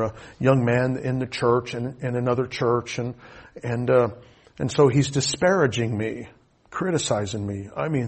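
Preaching from the pulpit, a middle-aged man shares a deeply emotional personal story. He alternates between booming passages and quiet, hushed ones.

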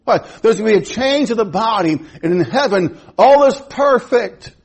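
A man's voice: high voice, animated, moderate pace, slightly rough. A man in his fifties preaching a sermon as pastor, emphatic, repeating his phrases and restarting. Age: 50s.

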